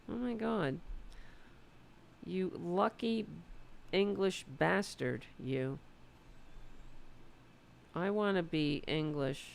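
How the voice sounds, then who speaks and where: A woman from the United States hosting a political livestream, chatting loosely and swearing, her voice going hoarse. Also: on the low side, drawn-out words, long pauses. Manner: loose, profane, rambling. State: losing her voice. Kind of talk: casual livestream chat.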